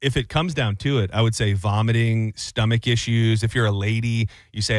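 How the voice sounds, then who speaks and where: A man's voice: lowish voice, a little fast, few pauses, no echo. A man hosting a radio show, chatting casually in a loose, rambling way. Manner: loose rambling delivery, lots of restarts. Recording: dry close radio studio mic.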